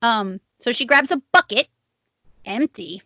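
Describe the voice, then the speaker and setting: A woman's voice: a little high, a little slow, no room sound, highs cut off. A woman co-hosting a podcast, chatting casually and acting out the people in her stories. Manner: animated storyteller, acts out quotes. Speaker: podcast co-host. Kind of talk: casual chat.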